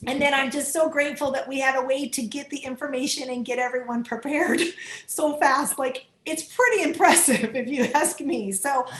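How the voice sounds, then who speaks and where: High-voiced earnest woman on a video call. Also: moderate pace. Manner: earnest, emotional, laughs often. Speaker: volunteer call coordinator. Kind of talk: Zoom training talk. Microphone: computer mic on a video call. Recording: roomy echo on a video call.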